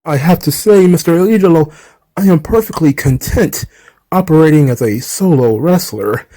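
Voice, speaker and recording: A man's voice: on the high side, animated, normal speed, dark tone, close to an everyday voice. A man voicing a grown male wrestler who speaks in an overly formal, courtly, old-fashioned way. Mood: courteous.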